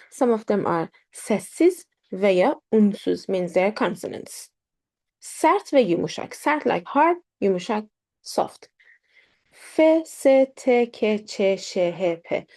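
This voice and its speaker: A woman teaching a beginner pronunciation lesson, repeating words slowly for learners to copy. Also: mid-range voice, gravelly, darkish tone. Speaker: language teacher.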